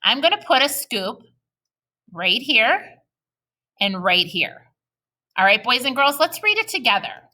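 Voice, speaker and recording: A woman teacher records a reading lesson for young learners, her mid-range voice very animated, pushed and bright. She stays patient and supportive, drawing out sentences slowly as examples.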